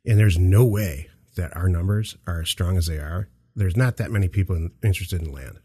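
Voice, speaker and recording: A man's voice: deep voice, brisk, dark tone, breathy edge. A man hosting a podcast, chatting in a rambling, jokey way with many restarts. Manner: rambling, self-interrupting, jokey. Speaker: podcast host. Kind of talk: casual chat. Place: dark office.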